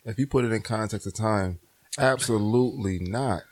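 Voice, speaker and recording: A man's voice: fairly low pitch, normal speed, darkish tone. A man who argues his points in an insistent, lecturing, profane way in casual chat.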